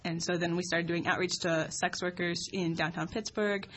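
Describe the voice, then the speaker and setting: A woman's voice: fairly low pitch, fairly even intonation, a bit bright, a little hiss or hum, poor audio. A young woman, an anthropologist guest on a talk show, chatting with dry wit. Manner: dry, quick-witted. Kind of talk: casual talk show chat.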